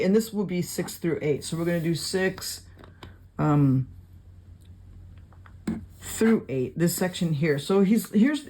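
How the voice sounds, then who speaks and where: In this casual video lesson, a Bible study teacher with a slightly mellow, mid-range voice writes notes while reading and explaining verses, using many fillers in a conversational way. There's some light background noise.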